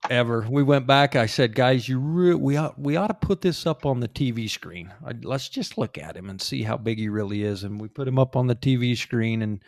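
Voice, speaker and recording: Gravelly-voiced man telling hunting stories. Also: mid-range voice, lively intonation, a little fast, hardly any pauses, a little mellow, no echo, studio quality. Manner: storytelling, laughs often. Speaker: podcast host. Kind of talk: casual hunting story chat.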